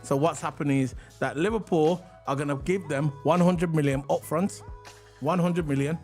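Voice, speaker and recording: A man's voice: a little high, normal speed, darkish tone, faint music behind. A man co-hosting a casual livestream, chatty and rambling, hyping the chat and reading transfer news. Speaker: livestream co-host.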